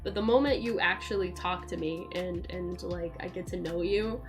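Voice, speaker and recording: A woman streaming from home, chatting casually, loud and excitable with casual swearing, sometimes cooing baby talk to her cat. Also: lowish voice, moderate pace, soft background music. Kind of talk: casual live-stream chat. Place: at home in a chair by a window.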